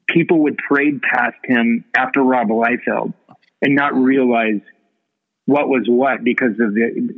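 A man telling a story as a podcast guest, rambling with lots of fillers and swearing freely. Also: medium pitch. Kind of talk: casual storytelling. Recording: tinny phone-line audio.

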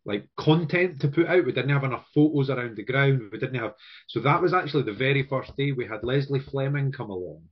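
A man hosting a casual football podcast, chatting in a relaxed way and laughing easily. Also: mid-range voice, a little fast, muffled recording. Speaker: podcast host. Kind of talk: casual chat.

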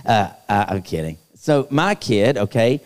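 A man's voice: fairly low pitch, big pitch swings, measured pace. Playful man preaching in a hall. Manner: playful, teasing, talks straight to the crowd. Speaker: youth speaker. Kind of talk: live youth conference sermon. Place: large hall. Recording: long hall reverb.

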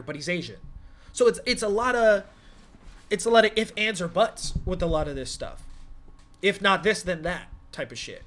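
A man's voice: high voice, a bit bright. A man co-hosting a podcast, talking casually in a rambling, profane way as he thinks aloud. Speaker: podcast co-host.

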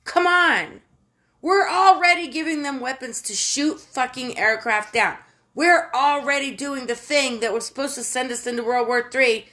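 A woman's voice: high-pitched, a little slow, sharp tone. Woman ranting, profane and exasperated. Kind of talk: casual political rant.

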